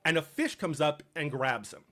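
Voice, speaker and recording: A young man casually retelling a Bible story with jokes, dropping into quick voices for the people in it. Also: a little high. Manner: animated, jokey, acts out characters in quick asides. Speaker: podcast co-host.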